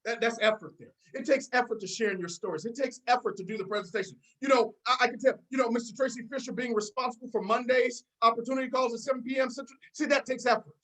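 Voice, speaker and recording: This woman's slightly high, fairly bright voice moves fast with few pauses as she runs a team video call, delivering a fired-up motivational talk, repeating herself and calling on listeners by name. The recording quality is low.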